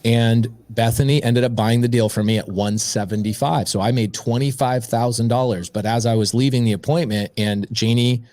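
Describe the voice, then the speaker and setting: Dry-voiced man telling a lively anecdote. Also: mid-range voice, normal speed, hardly any pauses, dry recording. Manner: lively anecdote-telling, acts out quoted dialogue; conversational, frequent "like" and "I go". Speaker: podcast guest. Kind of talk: casual storytelling.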